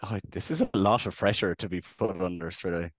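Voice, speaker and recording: A man's voice: sits low, fast, dry recording. A young Irish man from Cork with a Cork accent, co-hosting a casual podcast in a giggly, self-conscious way. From Cork, Ireland. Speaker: podcast co-host. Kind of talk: casual chat.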